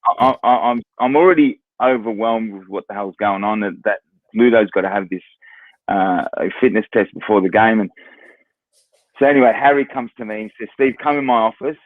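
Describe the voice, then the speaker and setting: A man's voice: on the low side, brisk, dry recording, narrow, tinny audio. A man from Australia with an Australian accent, a former footballer telling anecdotes as a guest. He talks casually, repeats words and acts out what others said. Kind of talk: casual storytelling.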